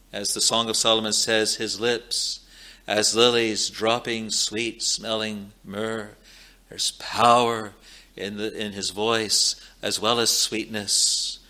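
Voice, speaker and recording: A man preaches a sermon at a very slow, deliberate pace. His mid-range voice is bright and carries solemn emphasis, and he returns to key phrases again and again. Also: medium pitch. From Scotland. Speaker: pastor.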